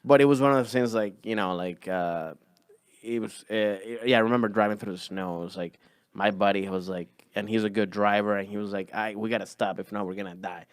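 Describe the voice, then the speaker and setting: Rambling man with smooth clear voice. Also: lowish voice, fairly even intonation, fairly quick, dry recording, clean studio sound. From Venezuela. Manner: rambling, many restarts and "like" fillers. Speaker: guest comedian. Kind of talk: casual podcast chat.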